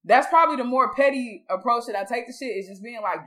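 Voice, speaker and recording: Female co-host, bright and slightly high, candid and slangy. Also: fast. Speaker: podcast co-host. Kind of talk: casual chat.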